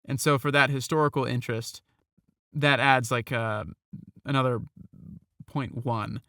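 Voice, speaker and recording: A man co-hosting a film review podcast, speaking in a measured, hesitant way with fillers. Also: medium pitch, steady tone, sharp tone, no echo, studio quality. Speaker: podcast co-host. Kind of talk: casual film review chat.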